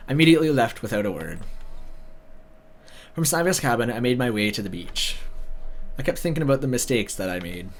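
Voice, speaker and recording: A man's voice: mid-range voice, a little fast, long pauses. A man reading a visual novel story aloud, breaking in with sarcastic comments. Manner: sarcastic asides, animated. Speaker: video narrator.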